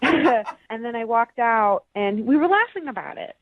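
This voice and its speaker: A woman's voice: a little high, animated, unhurried, no room sound, soft background music. A woman caller telling her story over a tinny phone line. She talks in a loose, chatty way, full of "like" and "you know", and pokes fun at herself. The line is dry and thin. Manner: chatty, self-deprecating, lots of fillers. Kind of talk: casual phone chat.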